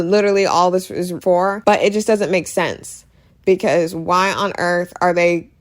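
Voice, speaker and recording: A young woman with a fairly low voice for a woman talks straight to the camera about a movie. She rants in a casual, opinionated way and leans on sarcasm to make her points. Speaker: movie reviewer. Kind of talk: casual ranting movie review.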